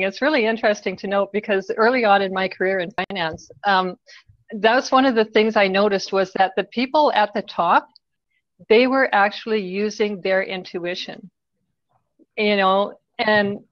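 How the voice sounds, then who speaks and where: A guest business coach with a mid-range voice, recorded with dull audio and no echo, explains her work in a casual interview. She's direct and practical and often checks in with "right?".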